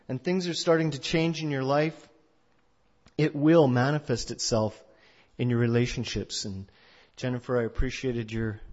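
Conversational male pastor, muffled recording. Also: mid-range voice. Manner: conversational storyteller, loud then hushed. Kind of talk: sermon with a told story. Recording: dull lo-fi recording.

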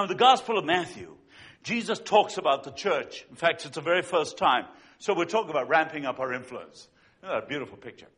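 A man preaching a sermon as a pastor, telling stories with swings between loud and hushed delivery. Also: a little high, slightly rough. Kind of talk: sermon with storytelling.

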